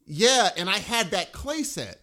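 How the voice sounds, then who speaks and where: A man co-hosting a podcast, chatting casually. His voice sits a little high and moves around a lot. He gets enthusiastic and often leaves sentences unfinished. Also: a little slow. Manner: animated, enthusiastic, trailing off mid-sentence. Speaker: podcast co-host. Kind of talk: casual chat.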